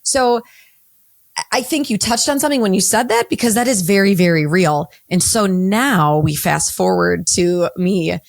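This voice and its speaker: A woman in her forties, a counselor speaking as an interview guest, talking bluntly in quick bursts with frequent restarts. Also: mid-range voice, vocal fry, dry recording, studio quality. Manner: blunt, unapologetic, talks fast in bursts with many restarts. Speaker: guest, mental health counselor. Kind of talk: candid interview conversation.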